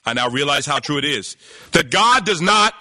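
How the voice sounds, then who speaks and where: A man preaching a sermon, emphatic and animated, reading scripture and breaking into exclamations. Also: a little high, moderate pace, no room sound.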